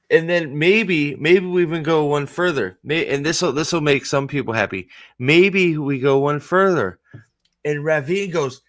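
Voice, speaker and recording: A man's voice: on the high side, unhurried, a bit bright. A man hosting casual fan commentary, rambling and profane, and often cutting himself off mid-thought. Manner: rambling, profane, self-interrupting. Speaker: host.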